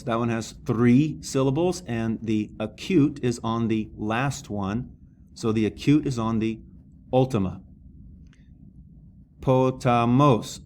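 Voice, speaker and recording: A man's voice: medium pitch, slow, a little mellow, slight background noise. A man teaching a language lesson, patient and methodical, sounding out words syllable by syllable. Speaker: Greek teacher. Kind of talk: slow classroom lesson.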